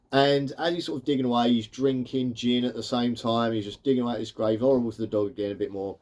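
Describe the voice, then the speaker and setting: Fast-talking man reviewing cartoons. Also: medium pitch, darkish tone. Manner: rambling, leans on fillers like "sort of" and "like". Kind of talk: casual spoken review.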